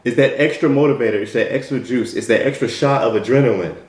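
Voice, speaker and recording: A man's voice: mid-range voice, fast talker, darkish tone. A man giving an emphatic motivational talk, full of repeated rhetorical questions. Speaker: motivational speaker. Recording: echoey room.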